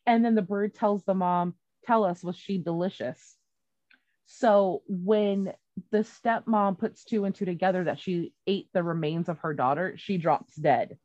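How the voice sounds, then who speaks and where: A woman's voice: lowish voice, measured pace, a little mellow, no room sound, dull audio. A woman retelling a story in casual chat, rambling and swearing freely, with many fillers and restarts.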